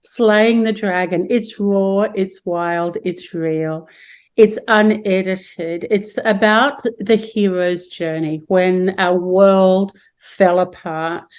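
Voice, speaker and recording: Slow, gushing Australian woman host. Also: mid-range voice, steady tone, a little mellow, clear, resonant tone. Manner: gushing, soothing affirmations. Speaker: podcast host. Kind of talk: spiritual podcast interview.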